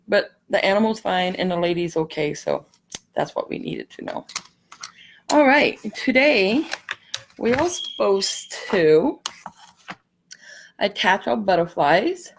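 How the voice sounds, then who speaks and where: Woman, craft host, casual rambling chat, slightly gravelly, mid-pitched. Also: lively intonation, measured pace, a little hiss or hum. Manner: chatty, rambling, apologetic asides. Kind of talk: casual live craft tutorial.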